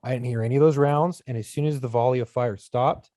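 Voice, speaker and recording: A man speaks in a mellow, warm voice as he shares an anecdote on a podcast. His delivery is relaxed and plain, recorded dry and close. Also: medium pitch, quick pace, no room sound. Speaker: podcast co-host. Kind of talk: casual podcast chat.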